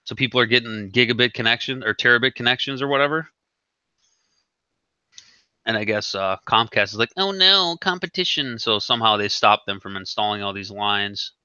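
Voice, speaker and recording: Male host, sharp bright voice, swears freely while ranting casually. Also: on the low side, flat delivery, brisk, clear, resonant tone, no room sound. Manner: profane, ranting storyteller. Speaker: podcast host. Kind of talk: casual chat. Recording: dull lo-fi sound.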